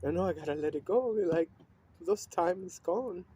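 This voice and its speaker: A man speaking in a loose, rambling monologue with a steady stream of fillers and swearing. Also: sits high, brisk, husky. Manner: rambling, profane, with frequent fillers and laughs. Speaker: vlogger. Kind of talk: casual monologue.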